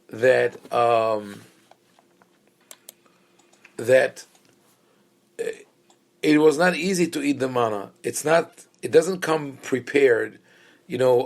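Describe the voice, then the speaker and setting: A man, a rabbi, teaching a conversational Bible class to a small group, thinking aloud with many pauses and fillers and making wry asides. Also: mid-range voice.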